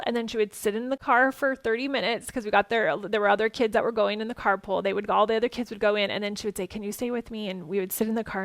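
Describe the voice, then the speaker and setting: A woman hosting a parenting podcast, talking gently and earnestly as she gives advice and tells stories from home. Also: on the high side, no room sound.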